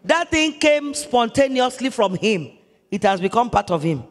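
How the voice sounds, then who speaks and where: A woman pastor with a Nigerian accent preaches in a high, lively voice, retelling everyday moments and repeating key phrases. Her voice carries with a long echo through a large hall. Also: normal speed. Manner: animated, repeats phrases for emphasis. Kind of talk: sermon storytelling.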